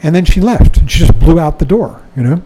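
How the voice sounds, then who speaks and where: A man's voice: a little high, lively intonation, brisk, dark tone, husky, rough recording. An older man giving a dharma talk, reading from a book and commenting in a conversational way, often chuckling and saying "you know".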